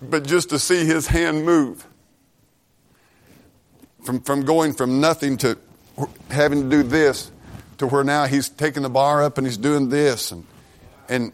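A middle-aged man preaching a sermon, telling rambling, folksy stories full of repeats and restarts. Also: medium pitch.

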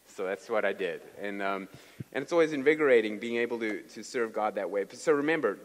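A man preaching a sermon, telling stories with an animated delivery and sudden bursts of volume. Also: fairly low pitch, fairly quick, big-room sound. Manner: animated storyteller with dramatic volume swings. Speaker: pastor.

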